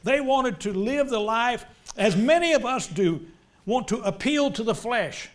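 Man, preacher, high voice, middle-aged, impassioned, loud then hushed. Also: animated, measured pace. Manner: impassioned, swings between loud emphatic lines and quiet low ones. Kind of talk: sermon.

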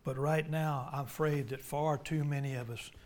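A man's voice: on the high side, fairly even intonation, moderate pace. Impassioned preacher, man. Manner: impassioned preaching, swings from loud pleas to whispered prayer. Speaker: pastor. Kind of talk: sermon.

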